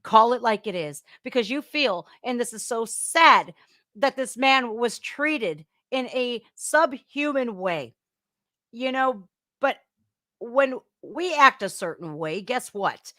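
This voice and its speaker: A woman's voice: fairly high pitch, animated, slow, dry recording, clean studio sound. A woman hosting a reaction podcast, talking bluntly and scolding what she watches. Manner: blunt, scolding, laughs loudly. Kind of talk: casual commentary reacting to a video clip.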